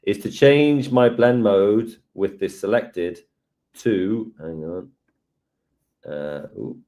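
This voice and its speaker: Low, mellow man thinking aloud. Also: drawn-out words. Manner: relaxed, thinking aloud while working. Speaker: co-presenter. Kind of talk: live software lesson.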